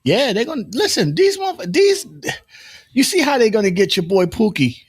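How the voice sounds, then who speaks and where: A man's voice: high voice, big pitch swings, moderate pace, slightly rough. A man co-hosting a morning talk show, joking loosely, swearing and slipping into voices. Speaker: co-host. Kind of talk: casual chat.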